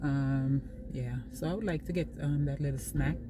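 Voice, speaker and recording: A woman's voice: sits low, steady tone, normal speed. A woman vlogger chatting casually while driving, rambling with lots of fillers. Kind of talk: casual chat to camera. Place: inside a moving car on the highway. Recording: mic far off, loud road noise. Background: car and road noise.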